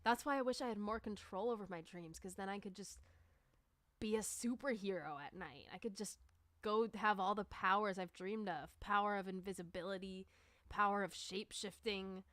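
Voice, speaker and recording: A woman who livestreams and makes music chats casually on stream, rambling along and dropping "like" into nearly every thought. Her medium-pitched voice is a bit bright, at a moderate pace, with no echo.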